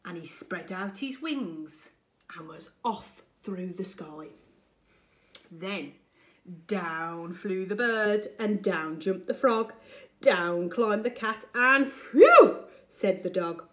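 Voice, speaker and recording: A woman primary school teacher reading a picture book aloud to children with expressive storytelling. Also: on the low side. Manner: expressive, slow and deliberate storytelling.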